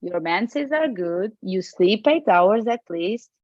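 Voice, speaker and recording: Woman w portuguese accent, animated, keeps repeating herself, kinda husky. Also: medium pitch, slow pace, dry recording, lo-fi sound. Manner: emphatic, repetitive, animated. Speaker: guest, traditional Chinese medicine practitioner. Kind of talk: podcast interview.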